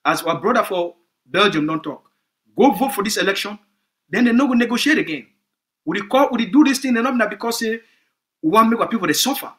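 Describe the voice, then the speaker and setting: A man's voice: high-pitched, expressive, quick pace. A man with a Cameroonian Pidgin English accent, giving an emphatic, repetitive political address to supporters as a movement spokesman.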